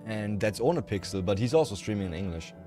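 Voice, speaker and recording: A German man with a German accent and a low voice chats on a livestream in a rambling, frank and profane way. Soft music plays quietly in the background. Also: lively intonation, fast talker. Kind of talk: casual livestream chat with viewers.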